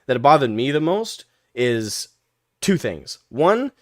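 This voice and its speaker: Guy rambling on his stream, swears a lot, laughs easy, mid pitch, dry close sound. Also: big pitch swings, takes it slowly, no room sound. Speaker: livestream host and podcast co-host. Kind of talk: casual livestream chat.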